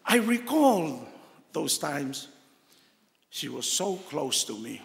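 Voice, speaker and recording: Older male cleric, Tongan accent, gravelly, emotional testimony; reverberant hall. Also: on the high side, big pitch swings. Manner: emotional, heartfelt storytelling with pauses. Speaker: cardinal giving a talk. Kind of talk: personal testimony talk.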